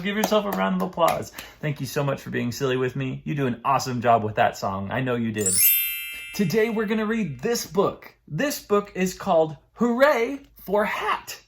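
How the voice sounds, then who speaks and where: A man's voice: a little high, sing-song, normal speed, vocal fry, slight background noise. A male children's librarian leading a story time, playful and sing-song as he talks to little kids.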